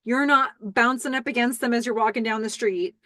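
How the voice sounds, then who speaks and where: A middle-aged woman hosting a podcast, giving an animated, enthusiastic recap of a TV episode. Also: a little high, brisk, dry recording. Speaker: podcast host.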